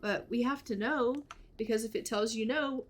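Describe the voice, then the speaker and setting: A woman's voice: fairly high pitch, moderate pace, lightly acted. Woman voicing a reassuring young husband. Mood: eager. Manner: soothing, reassuring. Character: young husband, eager to be a dad.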